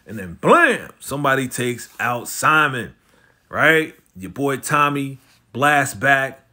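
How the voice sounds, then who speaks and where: Animated man recapping a TV episode. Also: mid-range voice, slow. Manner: animated slangy retelling, acting out characters' lines.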